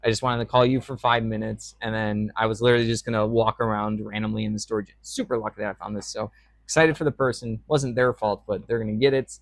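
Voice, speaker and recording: A man's voice: lowish voice, level tone, fast talker, no room sound. A young man talking casually in a vlog, rambling with lots of fillers. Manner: rambling, chatty, with frequent fillers. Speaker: reseller vlogger.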